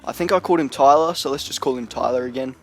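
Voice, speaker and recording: A young man speaks quickly at a medium pitch, telling a story in a loose, rambling storytime vlog. He's slangy and full of fillers, saying "you know" and "like" constantly.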